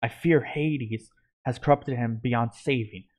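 A man's voice: medium pitch, slow, a little mellow. A man voicing a worried wolf spirit. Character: fearful male wolf spirit, younger brother.

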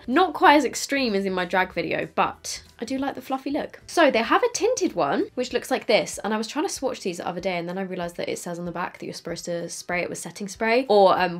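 A young woman, chatting casually through a makeup tutorial, self-mocking and trailing off as she works. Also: medium pitch. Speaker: beauty vlogger.

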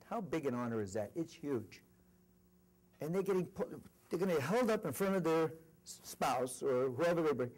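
A middle-aged man, a company executive, giving an earnest motivational speech full of stories at a university event. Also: fairly high pitch. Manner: storytelling, animated and earnest. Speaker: corporate executive speaker.

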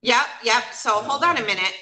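A woman's voice: a little high, animated, fairly quick, sharp tone. A woman judge running a court hearing, speaking plainly and casually with frequent fillers. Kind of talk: courtroom proceedings. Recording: roomy courtroom sound, faint noise.

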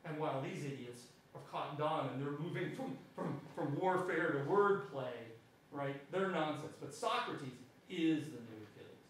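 High-pitched lecturer in an echoey hall. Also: male voice, normal speed, far from the mic, a little hiss or hum. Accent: New Zealand. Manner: animated, frequent "right?" tag questions. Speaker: history lecturer. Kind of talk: public lecture.

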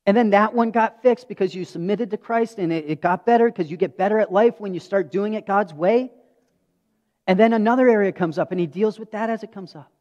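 A man's voice: high-pitched, fairly quick, a little mellow. A pastor in his thirties preaching a sermon, telling stories earnestly and acting out dialogue. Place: church sanctuary. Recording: dull audio with long hall reverb.

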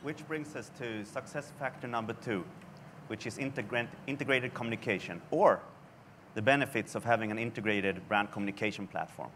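A man from Sweden, a creative director giving a conference presentation in a deliberate way, his phrases dropping at the ends. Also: on the low side, fairly bright tone, a little hiss or hum. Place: conference hall.

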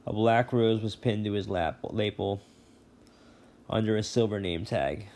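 A male teacher reading a novel chapter aloud, relaxed, with brief asides and self-corrections. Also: fairly low pitch, measured pace.

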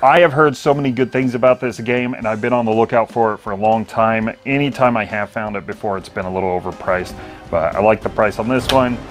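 A man's voice: lowish voice, brisk, faint music behind. A man in his thirties co-hosting a casual chat, easygoing and matter-of-fact about his flea market finds. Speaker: co-host.

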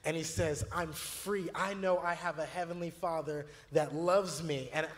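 A man's voice: a little high, steady tone, a little slow, noisy background. Earnest youth pastor, man, reverberant room. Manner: earnest, storytelling, many fillers and restarts. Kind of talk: church video conversation.

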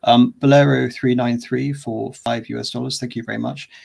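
An English man from the West Country with a standard English accent, hosting a livestream and speaking in a measured, formal way with many ums. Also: medium pitch, flat delivery, vocal fry, a little mellow, husky. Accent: standard English, not West Country. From West Country of England. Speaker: host. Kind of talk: livestream chat and sign-off.

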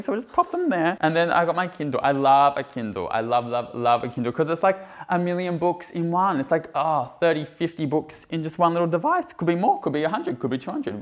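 Young male vlogger, slightly high voice, upbeat and gushing, casual tour of his own small flat, handheld camera. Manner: bubbly and gushing, full of "like" fillers. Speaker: YouTuber giving an apartment tour. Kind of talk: casual vlog chat. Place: small apartment indoors.

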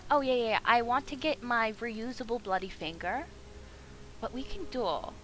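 A woman streaming a video game, chatting and joking excitedly with her viewers. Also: on the high side, moderate pace, a little hiss or hum, rough recording. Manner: excitable, jokey, chatty with chat. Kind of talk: casual gameplay commentary.

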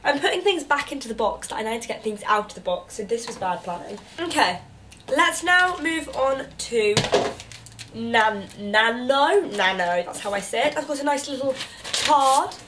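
A young woman with a stuffy cold, chatting brightly as she unboxes beauty gifts, cooing and gasping at each item. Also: sits high, animated, normal speed, noisy background. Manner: bubbly, chatty, gasps and coos at each item. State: congested with a cold. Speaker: beauty vlogger. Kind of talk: casual unboxing chat.

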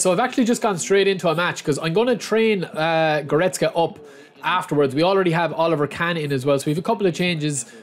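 A young man giving casual, chatty commentary on a football video game, often calling his viewers lads. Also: on the high side. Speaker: gaming channel host.

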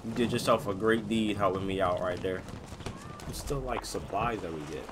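A man hosting a gaming video, giving excited, slangy commentary while he plays, often yelping or shouting. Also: on the low side, moderate pace. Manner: jokey, yelps and shouts at sudden moments, slangy. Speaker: gaming channel host. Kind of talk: excited live gameplay commentary. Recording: gunfire and game noise clearly behind.

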